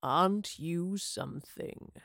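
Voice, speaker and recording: Lady doing a scarred villain guy for an audio story, slow deep purr, smug. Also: fairly bright tone, no echo, studio quality. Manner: slow, purring and amused. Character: tall scarred man, deep purring, mocking.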